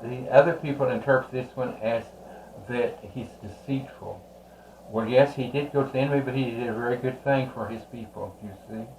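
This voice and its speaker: Male tarot reader, mid-pitched, rambling and halting delivery, recorded in an echoey room. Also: steady tone, a little mellow, slight background noise. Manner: slow, rambling, with many "uh" pauses. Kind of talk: unhurried tarot card reading.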